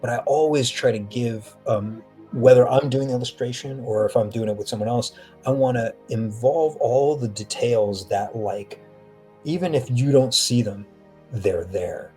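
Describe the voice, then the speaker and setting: A man talking as a guest on an interview podcast, an animated storyteller who slips into acted-out quotes. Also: medium pitch, normal speed, faint music behind. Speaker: author and actor, podcast guest. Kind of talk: casual interview talk.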